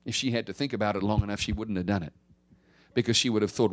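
A male pastor preaching a conversational sermon, swinging from emphatic rises to hushed drops. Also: on the low side, steady tone, quick pace.

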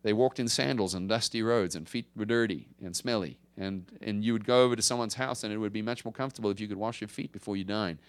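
A male pastor preaching a conversational sermon, swinging from emphatic rises to hushed drops. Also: on the low side, fast, few pauses, clear, resonant tone.

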